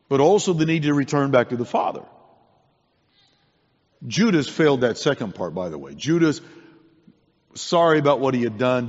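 A man preaching a sermon to a congregation, earnest and conversational, often restarting his words. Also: a little high. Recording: dull sound in a long-echo hall.

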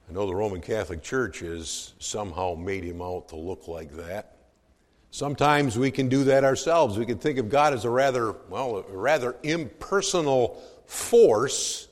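A pastor preaching a sermon, moving from hushed, low passages to loud, emphatic declarations. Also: male voice, unhurried, in a large hall.

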